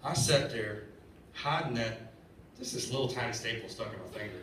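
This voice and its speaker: The congregation calls back as a lay preacher in his thirties gives his sermon in a church sanctuary, speaking fast in a mid-range, fairly bright voice. Earnest and conversational, he often stammers and repeats himself, captured at a distance in the echoey room with faint hiss.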